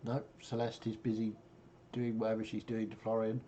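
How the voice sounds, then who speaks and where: A man's voice: on the low side, normal speed. A man narrating as a tabletop game master, easygoing and descriptive. The recording is dull, with faint noise underneath. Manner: relaxed, descriptive narration with filler words.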